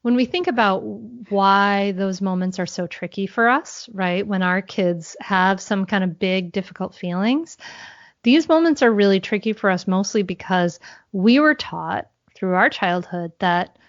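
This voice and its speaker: A woman answering as a podcast guest, explaining calmly and earnestly, thinking aloud as she goes. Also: medium pitch, a little slow, dry recording, lo-fi sound. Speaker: guest, mindfulness mentor for parents.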